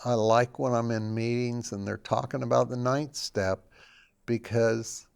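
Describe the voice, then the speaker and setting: A man's voice: medium pitch, flat delivery, unhurried, creaky, smooth. An older man, a guest in an interview, telling his personal story in a plain-spoken, reflective way.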